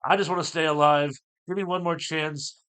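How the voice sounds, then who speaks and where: A man's voice: a little high, steady tone, normal speed, fairly bright tone, smooth, natural voice. A man doing a flustered, pleading punk informant. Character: nervous weaselly male punk informant.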